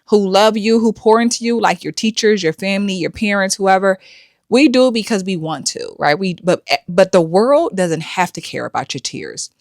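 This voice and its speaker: A woman's voice: medium pitch, animated, moderate pace, no room sound, clean studio sound. A middle-aged woman hosting a commentary show, blunt and lecturing. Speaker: host. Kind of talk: commentary vlog.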